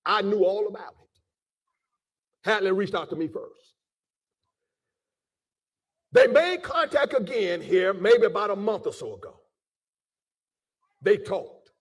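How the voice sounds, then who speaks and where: A man preaching to his listeners with fervor. He repeats words and rises into shouts. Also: high voice, sing-song, slow, long pauses, husky, distant mic. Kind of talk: impassioned preaching address.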